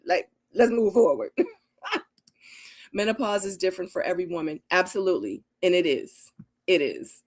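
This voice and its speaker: A middle-aged woman hosting a casual live Q&A and reading viewer comments. She talks in an animated, emotional way. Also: on the low side, normal speed, pauses often. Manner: animated and emotional, acts out her own quotes with laughter. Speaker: livestream host.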